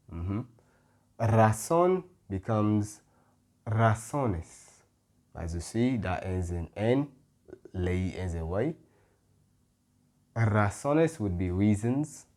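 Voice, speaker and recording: A man teaching a Spanish grammar lesson, patient and careful, often pausing with "mm-hmm" and correcting himself. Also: lowish voice, dark tone. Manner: patient, stops to self-correct, frequent "mm-hmm" fillers. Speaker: Spanish tutor.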